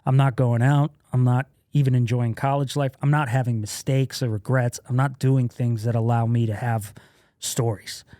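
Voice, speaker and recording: A man's voice: medium pitch, steady tone, normal speed, mellow, dry recording. Man telling stories, laughing, dry sound. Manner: laughs often while telling stories, acts out quoted lines. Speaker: guest comedian. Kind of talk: casual podcast storytelling.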